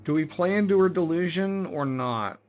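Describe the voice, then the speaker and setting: A man's voice: a little high, moderate pace, muffled recording. A man playing the game and narrating his moves in casual gaming commentary, often chuckling.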